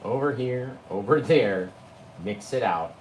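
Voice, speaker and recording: A man's voice: medium pitch, slow pace, echoey room, slight background noise, poor audio. A man teaching a live painting lesson, talking viewers through each brushstroke in a chatty way and calling them "guys". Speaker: painting instructor.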